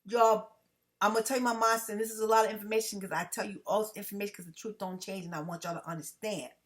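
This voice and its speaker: A tired woman talking fast and emphatically to her viewers in a casual vlog monologue, often checking in with "okay?". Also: mid-range voice, fairly even intonation. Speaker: vlogger.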